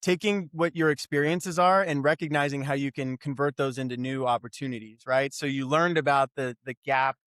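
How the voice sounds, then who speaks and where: A man's voice: mid-range voice, fairly even intonation, fairly quick, few pauses, fairly bright tone, dry recording. Man hosting, dry close sound. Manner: affirming, thinks aloud with restarts. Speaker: podcast host. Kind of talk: conversational interview.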